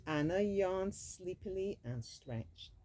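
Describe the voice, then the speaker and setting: A woman's voice: lowish voice, animated, slow, warm tone, low-quality recording. A woman reading a storybook aloud expressively, dropping in casual asides of her own. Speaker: storybook reader.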